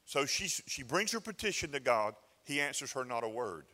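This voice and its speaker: A man's voice: medium pitch, very animated, moderate pace, sharp tone, in a large hall. A male pastor preaching a sermon in a folksy, conversational way, often restarting his phrases. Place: church sanctuary.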